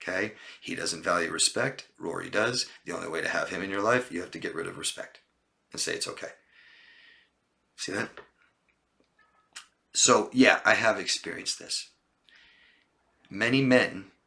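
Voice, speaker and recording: A man coaching on a live stream, reading viewer comments aloud and answering them in an emphatic, list-heavy way. His voice sits fairly low but has a bright, forceful edge, and he often checks in with "okay?". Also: moderate pace, gravelly, long pauses. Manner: emphatic, repeats lists of words and asks "okay?". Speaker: relationship coach.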